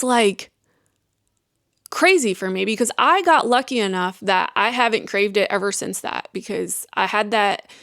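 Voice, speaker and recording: A woman's voice: medium pitch, fairly bright tone, clear, resonant tone, no echo, studio quality. A young adult woman hosting a podcast, talking candidly and earnestly, rambling with restarts and acted-out self-talk. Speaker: podcast host.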